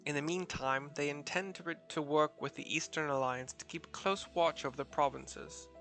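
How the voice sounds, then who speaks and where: A man voicing a composed woman leader, reading her formal lines in a measured way and correcting himself. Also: on the high side, fairly even intonation, a bit bright, soft background music. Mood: earnest.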